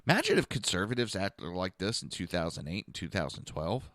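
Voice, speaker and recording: A middle-aged man hosts a podcast of ranting political commentary, speaking bluntly with profanity and mocking asides. His voice is deep, sing-song, brisk and fairly bright in tone. The sound is clean studio quality with no echo.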